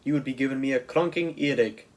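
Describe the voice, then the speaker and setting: A man voicing a big friendly old giant who mangles his grammar, loud and booming in places. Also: quick pace, lightly acted. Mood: gentle. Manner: booming, oddly phrased speech.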